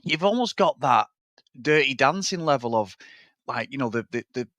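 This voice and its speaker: A man co-hosting a casual film-review podcast, animated and sweary, acting out lines from the movie. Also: mid-range voice, moderate pace, dry recording. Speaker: podcast co-host.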